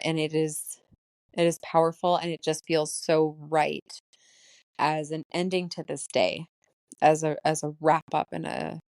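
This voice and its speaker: Solo podcast host, woman, late 30s, lowish voice, tearful and shaky, laughs between thoughts, dry close sound. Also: a little mellow, clear, resonant tone, no room sound. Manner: emotional, laughing through her words. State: voice shaking, close to tears. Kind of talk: solo spiritual diary podcast.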